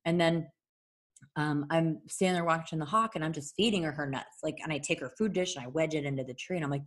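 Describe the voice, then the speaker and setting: A woman telling a long story in casual chat, animated, swearing freely and laughing often. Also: low voice, quick pace.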